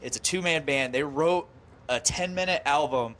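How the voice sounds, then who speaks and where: Excitable man with a bright voice. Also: on the high side, moderate pace. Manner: excitable, swears often, laughs a lot. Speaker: podcast host. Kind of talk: casual chat.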